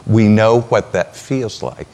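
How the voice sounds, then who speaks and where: A man preaching a sermon, retelling scripture as a story with dramatic pauses. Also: lowish voice, expressive, a little mellow.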